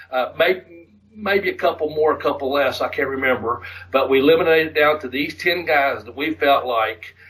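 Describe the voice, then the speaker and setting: A man co-hosting a podcast, ranting in a profane, animated way. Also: mid-range voice, distant mic, rough recording. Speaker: podcast co-host. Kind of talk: casual podcast rant.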